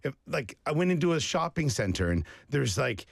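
Lively Canadian man telling stories. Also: mid-range voice, normal speed, vocal fry, no room sound, studio quality. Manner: animated storyteller, acts out quotes. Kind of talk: casual chat.

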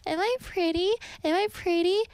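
A woman voicing a tiger spirit that mimics a woman's voice in a high, sing-song, repeated question. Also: steady tone, normal speed, darkish tone, no room sound. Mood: eerie coaxing.

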